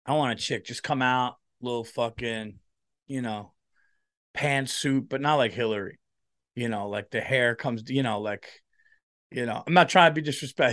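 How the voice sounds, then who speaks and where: A tired man, a comedian hosting a solo podcast, rambling in a profane, animated way. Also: mid-range voice, dry recording, clean studio sound.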